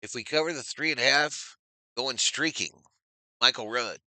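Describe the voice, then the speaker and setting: A man doing energetic live play-by-play of a football game on his stream, stopping to read and answer viewer chat. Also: medium pitch, normal speed, dry recording. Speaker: live stream sports commentator.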